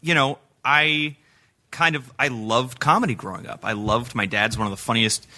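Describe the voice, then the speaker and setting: A man's voice: mid-range voice, normal speed, pushed and bright. A man being interviewed on a podcast, chatting casually with self-deprecating humor and frequent laughs. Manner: self-deprecating, laughs often, rambling asides. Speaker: guest singer.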